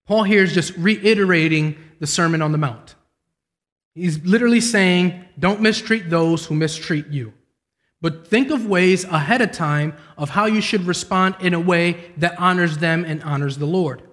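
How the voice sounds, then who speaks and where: Young male preacher, high voice, lively storytelling sermon, long hall reverb. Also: normal speed. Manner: storytelling preacher, voice climbs high when excited. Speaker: pastor.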